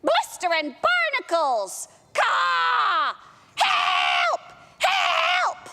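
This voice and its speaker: A woman voicing a panicky parrot in a storybook tale, with shrill, squawking cries for help. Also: huge pitch swings, extremely slow, gravelly, shouting, big-room sound, background noise, heavily acted. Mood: panicked.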